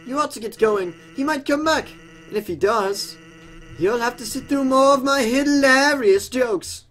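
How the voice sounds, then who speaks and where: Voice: high-pitched, a little slow, fairly bright tone. A gamer voicing a laid-back, joke-cracking male skeleton while playing through a game. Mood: casual. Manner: easygoing, punning.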